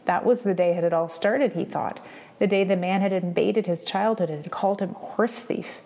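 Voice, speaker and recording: A woman reading a novel aloud for students in a steady, measured storytelling manner. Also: medium pitch. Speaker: reader.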